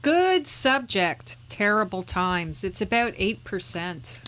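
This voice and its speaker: A woman reading the part of a calm, know-it-all male straight man in a comedy sketch. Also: medium pitch, takes it slowly. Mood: patient. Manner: calm, matter-of-fact explaining.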